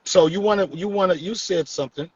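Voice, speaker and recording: A man's voice: sits high, fast talker, highs cut off, a little hiss or hum. A man hosting a live stream, joking and teasing his guests in casual, profane comedic chat.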